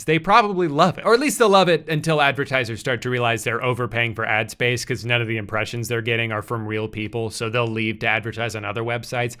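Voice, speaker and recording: A man's voice: medium pitch, bright, forceful tone. A man in his thirties giving scripted comedic commentary with sarcastic, incredulous asides. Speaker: comedy YouTuber.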